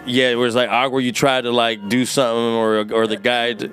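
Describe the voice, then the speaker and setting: A man hosting a casual podcast, rambling with many restarts and sometimes sinking into a low, relaxed voice. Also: a little fast, faint music behind. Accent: Californian English. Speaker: podcast host.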